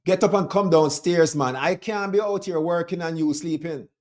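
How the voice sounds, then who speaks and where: Brief: man doing his strict Jamaican dad, thick accent, gruff, barking orders. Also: a little high, moderate pace, a little mellow, pitched above the performer's own voice, close to an everyday voice. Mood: scolding. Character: stern hardworking Jamaican father.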